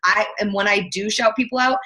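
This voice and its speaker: A woman's voice: mid-range voice, fairly even intonation, pushed and bright. A woman team coach talking casually in an interview, blunt and to the point, with lots of "like" fillers. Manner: blunt, fast, filler-heavy talk.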